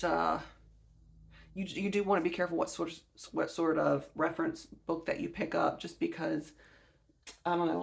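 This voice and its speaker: Low and gravelly, the voice belongs to a woman in her forties from Alabama with a Southern US accent. On her gardening channel, she shows her books in a casual video chat, chatty and rambling and often correcting herself.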